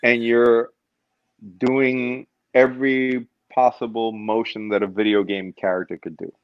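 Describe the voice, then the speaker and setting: A man's voice: mid-range voice, measured pace, smooth, no echo, lo-fi sound. A man guest in a casual interview, telling stories and acting out what people say. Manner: animated storyteller, acts out quotes. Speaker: stunt performer guest.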